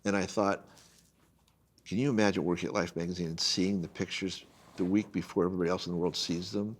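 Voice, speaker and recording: With a deep, fast voice, the older man, a photojournalist appearing as a guest, animatedly shares a long personal anecdote in casual chat, acting out the people he quotes.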